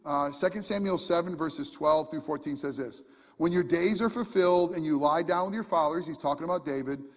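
A man's voice: fairly high pitch, fairly quick, in a large hall. A man preaching a sermon, earnest and emphatic, talking conversationally with fillers and restarts. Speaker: pastor.

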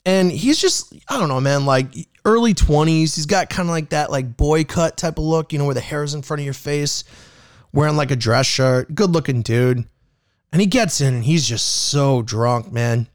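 A man telling a casual story in a lively, animated way, cursing freely and acting out every exchange. His voice sits high and leaps around a lot. The recording is dry and close. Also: moderate pace, dry recording. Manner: animated, profane, acts out dialogue. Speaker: rideshare driver.

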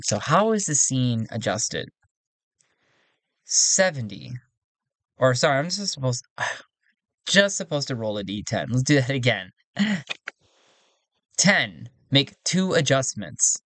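A man's voice: mid-range voice, dry recording. A man narrating a solo tabletop role-playing game, thinking aloud as he rolls dice. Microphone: close desk microphone.

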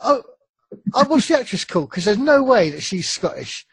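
Co-host, casual chat, emphatic, lively pitch, husky, dry recording. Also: normal speed, no echo. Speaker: podcast co-host.

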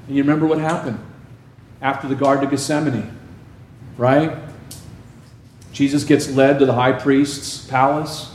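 A man's voice: mid-range voice, level tone, normal speed, pauses often, darkish tone, slight background noise. A man preaching a sermon as a pastor. He talks in a conversational way and keeps asking the congregation questions. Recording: echoey room, faint ambience.

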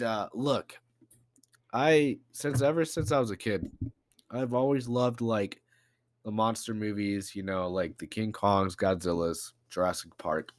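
A man's voice: fairly low pitch, no echo, clean studio sound. Congested young man, casual podcast chatter. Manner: loose and chatty, fillers and slang. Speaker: podcast host.

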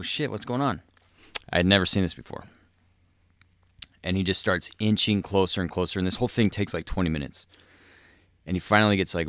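A man with a very low, smooth voice riffs profanely as a podcast host. He rambles and chuckles through his stories. The sound is dry and close. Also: fairly bright tone, no room sound. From South Dakota. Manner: profane, rambling, laughs mid-sentence. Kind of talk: crude comedic monologue.

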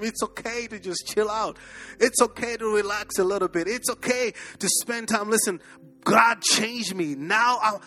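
A high-voiced man delivers a sermon from the pulpit, hammering points with repetition. His delivery swings between loud bursts and quieter drops, and soft music sits faintly under him. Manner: emphatic, repetitive preaching with sudden bursts and drops. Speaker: pastor. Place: church service.

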